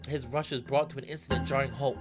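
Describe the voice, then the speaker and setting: A man reading a visual novel aloud in steady narration, breaking into excited asides. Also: medium pitch, fairly quick. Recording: narration over loud game music. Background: background music.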